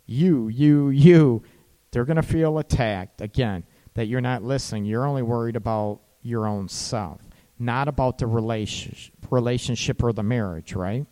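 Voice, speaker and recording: A man's voice: mid-range voice, moderate pace, darkish tone. Man giving relationship advice, chatty. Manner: conversational, frequent "right?" tag questions; acts out partner's lines in quoted dialogue. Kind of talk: casual advice talk.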